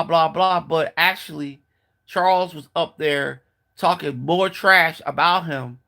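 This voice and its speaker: A man's voice: a little high, sharp tone. A man giving a casual, blunt opinion monologue, mocking and profane, with lots of fillers and restarts. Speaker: commentator.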